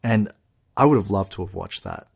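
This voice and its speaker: A man co-hosting a podcast, chatting in an animated way with laughs and restarts. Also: lowish voice, normal speed, vocal fry, husky. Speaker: podcast co-host. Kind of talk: casual chat. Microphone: podcast microphone.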